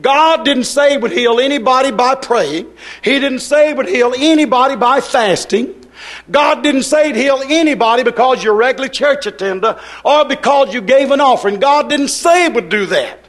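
A man preaching a sermon in an emphatic, repetitive cadence, breaking into shouts. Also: very high-pitched, lively intonation, normal speed.

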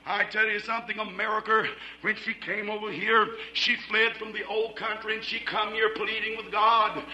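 A man preaching a fiery sermon, shouting in a rhythmic, repetitive cadence. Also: sits high, flat delivery, moderate pace, echoey room, muffled recording.

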